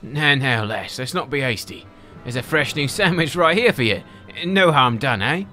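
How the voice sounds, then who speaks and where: A hearty, roguish male guildmaster in a fantasy game, as a man puts him on, full of slang and swagger. His voice swings lively up and down and rings bright and forward. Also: mid-range voice, normal speed, faint music behind. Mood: jovial. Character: jovial male rogue guildmaster, cockney-ish.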